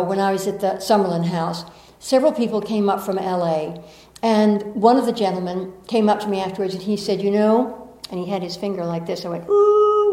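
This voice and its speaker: A woman's voice: mid-range voice, mellow. Southern lady teaching spiritual stuff, reflective but playful, mid-range voice, roomy echo. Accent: American Southern. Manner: earnest, reflective, with playful asides. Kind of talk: inspirational talk to an audience. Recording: echoey room.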